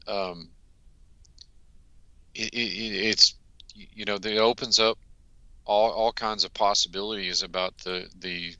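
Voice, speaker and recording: Casting: male researcher guest, very deep voice with a sharp edge, measured. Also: dry recording, low-quality recording. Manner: hesitant, many fillers, earnest and measured. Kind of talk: interview answers.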